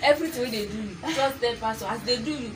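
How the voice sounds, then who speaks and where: An actress playing a caring church friend with a Nigerian accent, soothing and repeating words of comfort. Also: female voice, a little high, fast, lightly acted. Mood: coaxing. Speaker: church member. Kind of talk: film acting. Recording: echoey noisy room from a distance.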